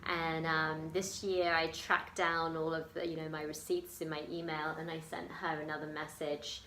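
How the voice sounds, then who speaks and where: A woman's voice: deep voice, little pitch movement, normal speed, bright, forceful tone, reverberant, a little hiss or hum. An English woman telling a personal story in a chatty, emotional way, with many ums and laughs. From England. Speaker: vlogger. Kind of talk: casual storytelling vlog.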